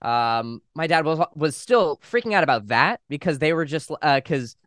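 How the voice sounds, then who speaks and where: Casting: young male podcast guest, slightly high voice, dry close sound, animated storyteller. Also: no echo. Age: young adult. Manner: fast, animated retelling with quoted voices and swearing. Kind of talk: casual storytelling.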